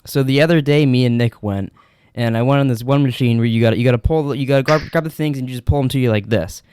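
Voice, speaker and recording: Fast-talking young man telling stories. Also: medium pitch, a little mellow, a little hiss or hum. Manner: rambling, profane, laughs through stories. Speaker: podcast co-host. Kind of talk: casual chat, storytelling.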